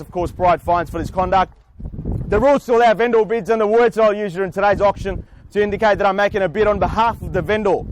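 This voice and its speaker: A man, an auctioneer, speaking outdoors in front of a house with booming salesman patter and long theatrical pauses. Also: a little hiss or hum. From Australia. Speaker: real estate auctioneer.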